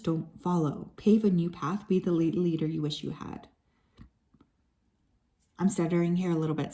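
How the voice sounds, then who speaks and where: A woman doing a tarot card reading for her viewers, talking in a relaxed, chatty way with plenty of "um"s and asides. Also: deep voice. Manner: relaxed and chatty, with frequent fillers and soft asides. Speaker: tarot reader.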